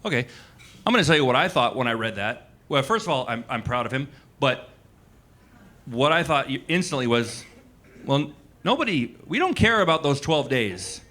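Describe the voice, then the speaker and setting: Onstage at a comedy club with a live audience, a forty-something stand-up comedian runs a relaxed, conversational set full of "likes" and digressions. His mid-range voice has a sing-song lilt, a fairly bright tone and a moderate pace.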